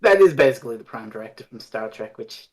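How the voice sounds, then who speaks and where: Male podcast co-host, casual and animated, very lively pitch. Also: quick pace. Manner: animated, acts out characters mid-recap. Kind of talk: casual chat.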